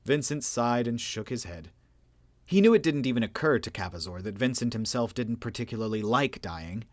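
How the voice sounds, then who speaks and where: A man narrating a sci-fi audiobook in an even, steady storytelling voice. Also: mid-range voice, normal speed, no echo.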